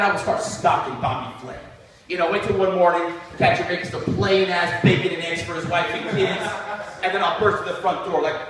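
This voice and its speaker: Man, stand-up comedian, open mic, lively swooping delivery, distant mic, very echoey room. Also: sits high. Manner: animated, profane storytelling.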